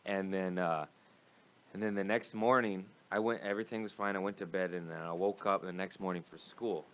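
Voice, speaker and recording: A man's voice: low-pitched, steady tone, brisk, fairly bright tone, a little hiss or hum. A young man, a comedian guest, telling a profane, rambling story in casual chat.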